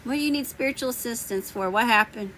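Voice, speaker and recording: A woman's voice: a little high, fast talker, bright, forceful tone, a little hiss or hum. A woman tarot reader chatting casually with viewers on a live stream, teasing, laughing and slangy, with her voice a bit worn as she loses it. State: losing her voice. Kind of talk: casual livestream chat answering viewers.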